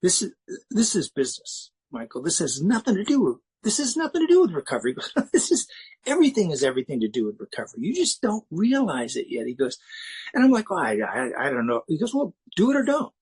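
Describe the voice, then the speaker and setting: A man's voice: a little high, huge pitch swings, fast, darkish tone, breathy edge, poor audio. A middle-aged man from the United States speaking as a recovery meeting speaker, in a candid, self-mocking personal talk with frequent restarts.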